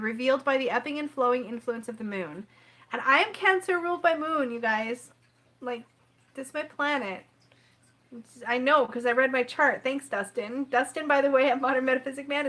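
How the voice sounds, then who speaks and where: Casting: woman, tarot live-stream host; high, bright voice, chatty and tearfully emotional. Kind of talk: live-stream unboxing chat.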